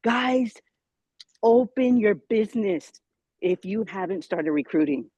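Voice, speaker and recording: Woman, late 40s, emotional testimonial, husky voice on a video call, laughing through tears. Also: medium pitch, slow pace, dry recording, dull audio. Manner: excited, laughing, tearful. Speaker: team member sharing a success story.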